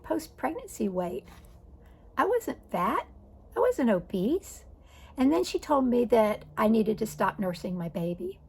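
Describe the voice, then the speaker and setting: A woman's voice: mid-range voice, vocal fry, a little mellow, breathy edge. A woman in her sixties telling a personal story in a conversational, wry way, correcting herself as she goes. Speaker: vlogger.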